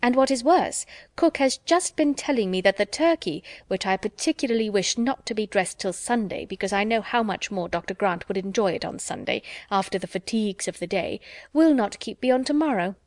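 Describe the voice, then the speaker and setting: A woman's voice: medium pitch, lively intonation, brisk, no echo, natural voice. A fussy, talkative housewife from a period audiobook, as a woman puts her on, chattering through her complaints with a raised, busier voice. The reading is dry and close, with no room sound. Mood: fretful. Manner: chattering, put-upon complaining.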